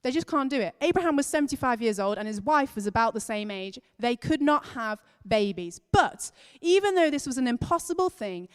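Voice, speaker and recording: Woman, slightly high voice, emphatic storyteller leading a kids' talk; long church-hall reverb. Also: expressive, brisk, few pauses, clear, resonant tone. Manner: emphatic, storytelling, stretching key words. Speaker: children's and families leader. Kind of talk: lively children's talk in church.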